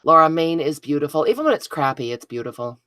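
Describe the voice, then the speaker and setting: A woman's voice: deep voice, sing-song, fast talker, fairly bright tone, no echo. A woman hosting a live craft stream, chatting casually with viewers by name and poking fun at her own mistakes. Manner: chatty, self-deprecating, talks to viewers by name. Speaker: craft video host.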